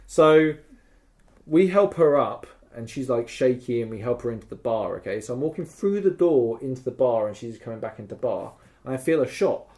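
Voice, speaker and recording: Podcast co-host, male, mid-pitched, excitable storyteller who swears and mimics gunfire. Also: a little fast. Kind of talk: animated storytelling of a live roleplay event.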